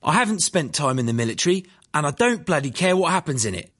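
A man's voice: fairly high pitch, very animated, quick pace, a bit bright, voice pushed up. A man doing a curt, smirking older bloke. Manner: curt, dismissive.

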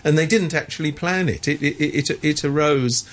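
A man's voice: fairly high pitch, moderate pace. A man living in Hong Kong giving opinionated political commentary in a sardonic, emphatic way, with many restarts. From Hong Kong resident. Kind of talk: opinionated discussion.

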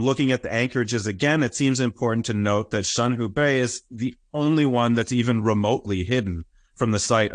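Male academic lecturer, lowish voice, dry close mic, explanatory with frequent fillers. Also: no echo. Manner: explanatory, frequent "uh" and "right?" checks. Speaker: history lecturer. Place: lecture recording.

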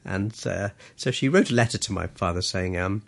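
Gravelly, husky-voiced man telling wry stories. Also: on the low side, expressive, brisk, few pauses. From grew up in Malaysia and London. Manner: humorous, self-deprecating anecdotes with frequent laughs. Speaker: interview guest, journalist and author. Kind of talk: casual storytelling interview.

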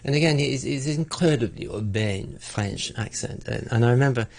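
A man's voice: mid-range voice, moderate pace, creaky, a little mellow. A middle-aged man in a conversational interview, talking reflectively with frequent restarts and stammered repeats. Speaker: interviewee, arts broadcaster.

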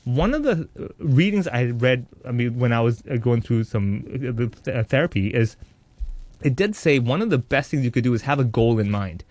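A man in his thirties, an interviewee, telling his own life story in a candid, animated way with a joking streak. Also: mid-range voice, normal speed, no room sound. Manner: animated, joking, acts out voices in quotes.

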